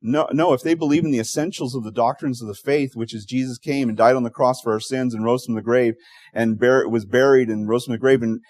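A man preaching to his congregation, middle-pitched and conversational. He tells stories, acts out the quotes and restarts his phrases often. The sound is dry and close, with almost no room echo. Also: steady tone, fairly quick, a little mellow. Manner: storytelling with voiced quotes, frequent restarts. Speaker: pastor. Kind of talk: sermon.

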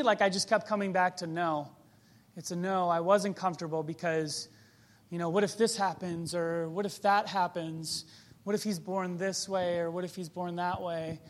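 A man with a notably high speaking voice delivers a sermon. He talks conversationally and reflectively, leaning on rhetorical questions as he teaches. His tone stays relaxed and personal, as if speaking directly to the people in front of him. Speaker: preacher.

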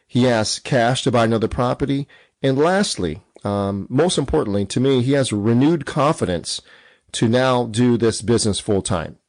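A man's voice: medium pitch, darkish tone, no room sound. A man hosting an instructive podcast as a real estate coach, punching out numbered points and putting questions to his listeners.

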